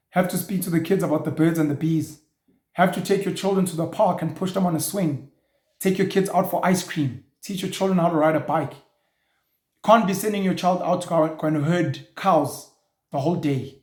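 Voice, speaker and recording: A man's voice: high voice, a little mellow. A man, hosting a show and ranting bluntly in an opinionated monologue, now and then swearing. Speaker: show host. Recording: echoey room.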